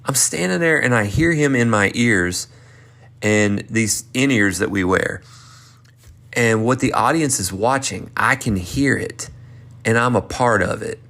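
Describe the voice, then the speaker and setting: A man in his thirties from North Carolina with a Southern accent, excitedly telling a rambling story. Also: mid-range voice, measured pace, creaky. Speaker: performer and vlogger. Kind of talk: casual storytelling recap.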